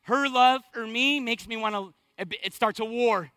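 High, bright-voiced male pastor preaching. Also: moderate pace, dry recording. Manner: preaching with rising fervor and rhetorical questions. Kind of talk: sermon.

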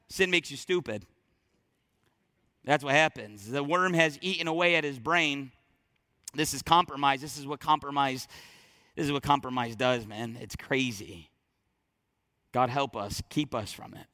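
A man preaching a sermon in an emphatic storytelling way, swinging between loud and soft. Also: medium pitch, unhurried, long pauses. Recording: long reverb in large hall.

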